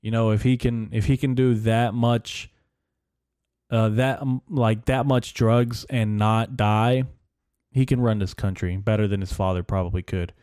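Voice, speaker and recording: A man's voice: on the low side, fairly even intonation, measured pace, a little mellow, clear, resonant tone, no echo. A young man hosting his own podcast, ranting in a profane, rambling, sarcastic way into a close microphone. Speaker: podcast host. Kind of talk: casual solo podcast rant. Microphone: studio microphone.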